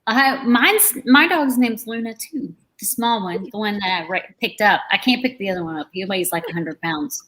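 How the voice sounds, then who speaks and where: A woman's voice: medium pitch, animated, normal speed, hardly any pauses, fairly bright tone, low-quality recording. A woman hosting a casual makeup livestream, chatting loosely and laughing often. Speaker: host.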